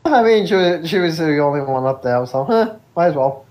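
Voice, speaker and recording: A man co-hosting a podcast, chatting in a laid-back, unhurried way. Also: on the high side, expressive, a little mellow. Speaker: podcast co-host. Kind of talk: casual chat.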